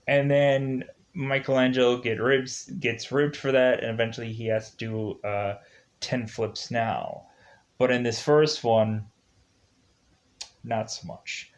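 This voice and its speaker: Slow, rambling man reviewing a film. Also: mid-range voice, fairly even intonation. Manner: rambling, leans on filler words and restarts. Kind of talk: casual spoken movie review, retelling the plot.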